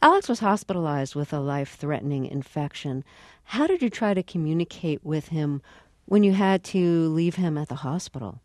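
A woman radio host asking an interview guest measured, gentle questions. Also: sits low, animated, dry recording, clean studio sound.

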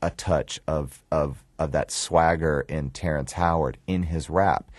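A man's voice: a bass voice, a little slow, dry recording. A man with a Southern US accent, a film writer-director telling stories in an interview, restarting phrases and acting out quoted lines. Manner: relaxed, repeats words and restarts, acts out quoted lines. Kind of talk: storytelling in an interview.

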